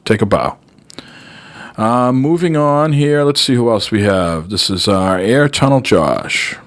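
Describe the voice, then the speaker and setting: A man's voice: medium pitch, expressive, unhurried. A man hosting a podcast, introducing recorded calls in an upbeat, casual way. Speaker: podcast host.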